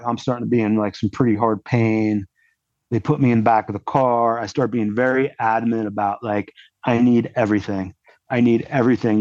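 A man's voice: on the low side, darkish tone, no echo. A man, a podcast guest, telling his story casually and rambling, with lots of "like" fillers. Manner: rambling, heavy use of "like" fillers. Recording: dull lo-fi dry audio.

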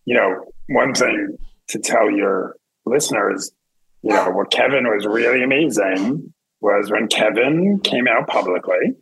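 A middle-aged man with a gravelly, husky voice talks as a podcast guest. He chats quickly, laughing mid-sentence and dropping chatty asides. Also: fairly low pitch, lively intonation, a bit bright, poor audio. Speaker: guest entertainment journalist. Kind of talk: casual chat.

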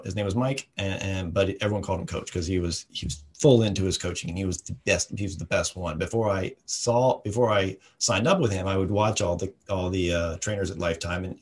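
A man with a deep, slightly rough voice co-hosts a podcast, telling a story in casual conversation. He is an animated storyteller who acts out the voices of the people in it.

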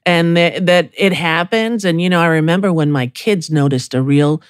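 A woman's voice: fairly low pitch, moderate pace, clean tone, no room sound, clean studio sound. A woman in her sixties hosting a podcast, chatting casually and affectionately with her guest. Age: 60s. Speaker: podcast host. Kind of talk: casual conversation.

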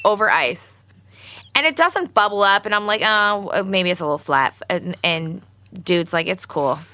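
A woman co-hosting a podcast tells a story at normal speed in a clean, medium-pitched voice without echo. She swears a lot and animatedly acts out everyone's lines in this casual storytelling chat.

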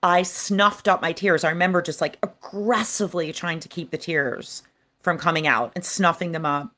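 A woman's voice: fairly low pitch, moderate pace, bright, forceful tone. A woman guest author earnestly recounting a personal childhood memory in an interview. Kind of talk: personal storytelling.

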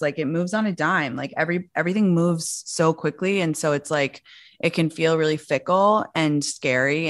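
American woman in her twenties, low voice, dry close sound, rambling casual chat. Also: no room sound. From born in the US, grew up in London. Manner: chatty, many "like" fillers and restarts.

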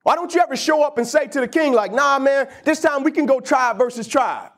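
Guy playing a jittery young soldier, hesitant, lots of "like", highish voice. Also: fairly quick. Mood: worried. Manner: hesitant, questioning, rambling. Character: anxious young male soldier messenger.

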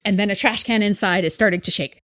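A woman's voice: mid-range voice, fairly even intonation, fast, a bit bright, no echo. A woman running a tabletop game as game master, narrating the scene in a playful way and laughing often.

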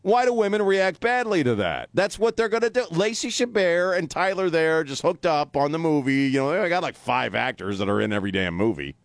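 A man's voice: fairly high pitch, very animated, brisk, vocal fry, hardly any pauses, no room sound, studio quality. A man hosting a talk radio show, chatting bluntly and jokingly. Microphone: studio mic.

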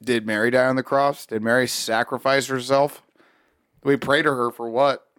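A man telling a story in casual, profane chat, animated and swearing often. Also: medium pitch, normal speed, clean tone, dry recording, clean studio sound.

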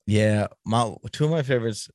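A man with a Boston accent, a comedian guest, talking bluntly in a gruff tone that sounds annoyed. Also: on the low side, normal speed, darkish tone, no echo, studio quality. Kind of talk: casual chat.

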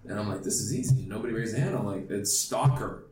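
A man's voice: on the low side, fast, soft background music. A man hosting a podcast in casual chat, telling stories and acting out quotes. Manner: animated storyteller, acts out quotes. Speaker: podcast host. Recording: roomy and distant with faint noise.

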